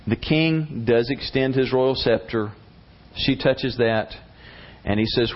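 A man preaching a sermon, retelling a story in an animated, conversational way. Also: lowish voice, moderate pace. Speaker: pastor. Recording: dull lo-fi recording.

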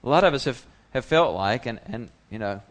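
A man's voice: mid-range voice, expressive, brisk. A male pastor preaching a sermon in a conversational way, slipping into the voices of the people he quotes.

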